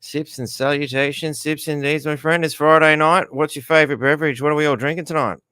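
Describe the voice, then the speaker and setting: A man's voice: on the high side, steady tone, brisk, bright, forceful tone, smooth, dry recording, studio quality. An Australian man hosting a casual live stream from home, chatting loosely and greeting viewers by name. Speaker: livestream host.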